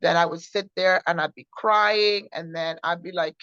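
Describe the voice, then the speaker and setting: A woman co-hosting a faith show, recounting her personal testimony in an earnest, halting way with many restarts. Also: lowish voice, steady tone, fairly bright tone, dry recording. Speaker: co-host sharing her testimony. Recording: dull, muffled sound.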